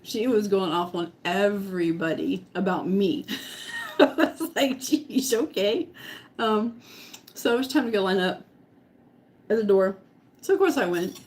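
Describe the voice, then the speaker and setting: A middle-aged woman vlogger telling a story to her live chat, laughing often and eating as she talks. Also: mid-range voice. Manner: giggly, laughs often while talking; eating while talking.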